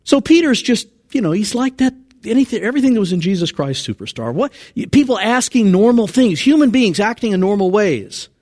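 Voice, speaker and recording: A man delivering a sermon in a high voice that swings widely in pitch. He preaches in an animated, conversational way, dropping low for emphasis and then rising again. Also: a little fast.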